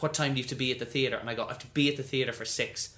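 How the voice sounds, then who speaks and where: A man spins a lively story as a podcast guest, acting out quoted lines in high, bright voices. His tone is bright and forceful. The room gives a clear echo. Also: racing. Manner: animated, acts out quoted voices. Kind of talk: storytelling interview.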